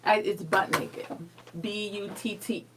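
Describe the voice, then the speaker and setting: A woman's voice: medium pitch, little pitch movement, a little slow, slight background noise. A woman co-hosting a radio show, answering quiz questions in playful casual chat. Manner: playful, laughs easily.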